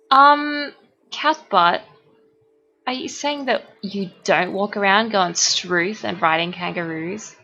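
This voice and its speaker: A woman's voice: medium pitch, sing-song, drawn-out words, pauses often, bright, forceful tone, dull audio, soft background music. A young Australian woman streaming her art, chatting casually with viewers, reading their comments aloud and laughing often. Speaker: art livestreamer. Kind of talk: casual chat with live viewers.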